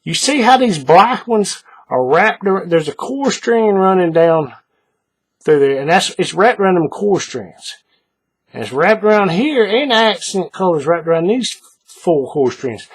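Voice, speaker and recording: A man with a higher, animated voice and a husky edge walks a viewer through a craft tutorial. He is patient and repeats each step, often pausing to check the viewer is following. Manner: patient, repeats steps, checks in with "all right?". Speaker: paracord bracelet instructor.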